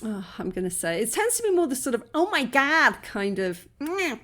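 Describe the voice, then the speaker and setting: A woman's voice: on the high side, sing-song, brisk, a little mellow, slight background noise. A British woman hosting a reaction video, chatting casually and digressively, often laughing. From Britain. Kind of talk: casual commentary.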